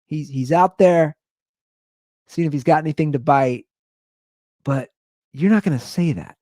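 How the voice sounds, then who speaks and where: A man hosting a podcast, telling comic neighborhood stories in an animated way, laughing and acting out the people he quotes. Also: fairly high pitch, a little slow, long pauses, no echo, clean studio sound. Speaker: podcast host. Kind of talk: comedic storytelling rant.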